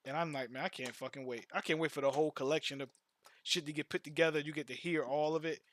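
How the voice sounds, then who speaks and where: This man talks fast in a slightly high, a bit bright voice with fairly even intonation. During a casual stream, his slangy stories run long, full of false starts and repeated words.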